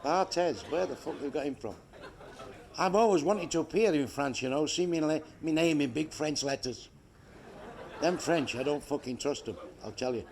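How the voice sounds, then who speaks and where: A man's voice: on the high side, lively intonation, moderate pace, vocal fry. A man telling crude, profane jokes in a stand-up comedy routine, delivering blunt punchlines on a club stage. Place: club stage before a laughing audience. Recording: noisy live show recording.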